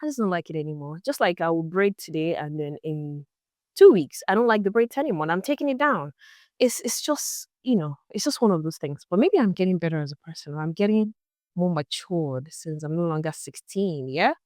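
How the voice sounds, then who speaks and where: A woman's voice: fairly low pitch, expressive, brisk, darkish tone, dry recording. Chatty young woman vlogging, dry sound. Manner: chatty, exasperated storytelling. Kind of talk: casual vlog talk to camera.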